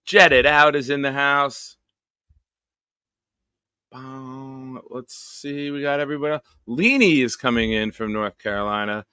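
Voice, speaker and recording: A man's voice: medium pitch, unhurried, pushed and bright, clear, resonant tone, dry recording, clean studio sound. A man hosting a casual live stream show, greeting viewers one by one with jokes and upbeat energy. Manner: jokey, upbeat roll call of viewers. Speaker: show host.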